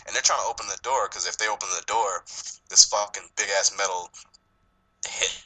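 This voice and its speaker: A man's voice: on the low side, brisk, bright, forceful tone, slightly rough, low-quality recording. A man casually retelling a movie scene, rambling, swearing often and laughing a lot. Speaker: movie discussion co-host. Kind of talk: casual profane chat.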